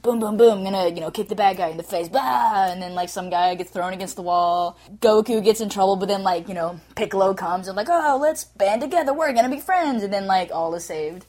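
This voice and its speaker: Lively female co-host, chatty with lots of fillers, home podcast setup. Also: medium pitch, fairly quick, hardly any pauses. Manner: animated, full of fillers and sound effects. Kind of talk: casual chat. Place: small home recording setup.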